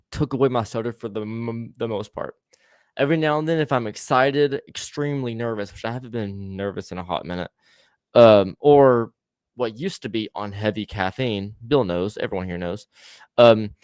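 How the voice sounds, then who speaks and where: Profane stuttering podcast host. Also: male voice, medium pitch, moderate pace, darkish tone, dry recording. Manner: swears freely, laughs often. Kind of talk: casual podcast chat.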